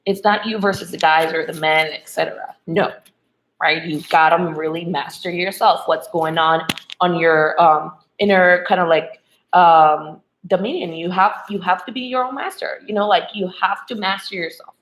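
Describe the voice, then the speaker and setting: A woman's voice: lowish voice, normal speed, slight background noise, poor audio. Earnest spiritual love coach, woman. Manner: earnest, spiritual, peppered with "okay?" and "right?". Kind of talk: motivational talk to women viewers.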